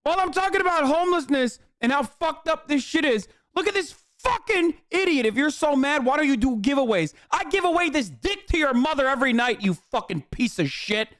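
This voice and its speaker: A man rants at a video on his stream, loud, profane and exasperated, his voice riding high and often breaking into shouts. The sound is close and completely dry, with no room around him. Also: animated, moderate pace, few pauses, no echo. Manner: angry, swearing, often shouting in disbelief. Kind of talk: heated profane rant.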